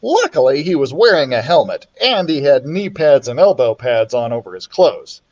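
Lively man reading a storybook aloud. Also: moderate pace, dull audio. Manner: expressive, voices the characters with big pitch swings. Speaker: children's librarian reading aloud.

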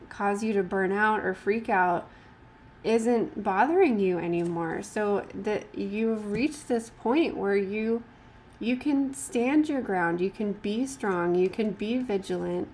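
A woman reads tarot cards in a gentle, rambling way, stopping often for fillers and restarts. Her voice sits at an ordinary middle pitch. A faint hum of the room stays behind her. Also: slow. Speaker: tarot card reader. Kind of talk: casual tarot reading with card text read aloud.

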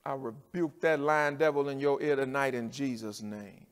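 A pastor preaching a sermon with a rhythmic cadence, dropping to near-quiet and rising to shouts. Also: male voice, mid-range voice, fairly even intonation, moderate pace, hardly any pauses, big-room sound.

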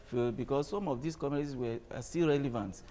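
A man's voice: medium pitch, a little fast, dark tone, slight background noise. A man, a guest on a breakfast TV show, talking hesitantly with many fillers and restarts. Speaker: studio guest, comedian's son. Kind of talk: casual TV interview. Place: TV studio.

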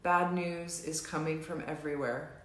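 A woman coaching a live tapping session, saying slow, repeated affirmations for viewers to echo. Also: sits low, steady tone, a bit bright. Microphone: live stream recording.

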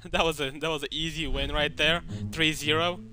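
A man's voice: on the high side, little pitch movement, moderate pace, noisy background. A young man giving casual gameplay commentary, trash-talking and swearing at opponents. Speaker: gaming YouTuber. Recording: game music underneath.

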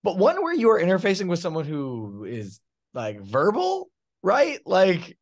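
A man co-hosts a casual podcast, his voice a touch high and lively in its ups and downs. He talks haltingly and often restarts his sentences. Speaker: podcast co-host. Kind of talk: casual chat.

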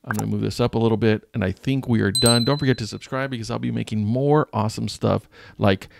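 A man's voice: fairly low pitch, fairly even intonation, quick pace, creaky, background noise. A man who teaches, talking through a screen-recorded design tutorial in a jokey, self-mocking way while he thinks aloud. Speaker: teacher and channel host.

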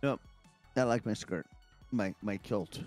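A man's voice: on the low side, unhurried, dry recording, faint music behind. A man chatting casually and joking with friends while playing an online game, teasing and playful. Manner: playful, jokey, swings between loud and quiet. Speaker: gaming friend. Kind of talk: casual gaming chat.

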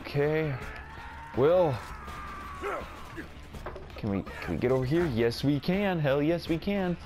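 Slow, rambling man over game music. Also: on the high side, expressive. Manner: rambling and self-mocking, talks to himself. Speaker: gaming video creator. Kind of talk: casual gameplay commentary.

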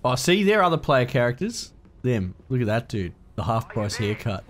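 A man's voice: mid-range voice, big pitch swings, moderate pace. A man doing crude, jokey let's-play commentary with lots of swearing. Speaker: gaming host. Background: game music.

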